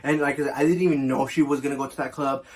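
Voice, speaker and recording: A man's voice: mid-range voice, steady tone, fast talker. A young man telling a casual storytime as a vlogger, chatty and full of fillers, swearing often.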